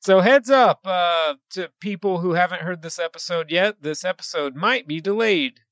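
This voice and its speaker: A man's voice: high voice, moderate pace, a bit bright, no room sound. A man co-hosting a podcast in casual chat, joking and rambling with frequent restarts. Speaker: podcast co-host.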